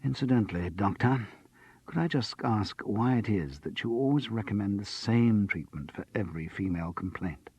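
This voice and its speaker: A man's voice: fairly low pitch, lively intonation, normal speed, darkish tone, breathy edge, dry recording. A man voicing a dry, self-mocking middle-aged actor who has sworn off drink. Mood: wry. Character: wry middle-aged male actor on the wagon.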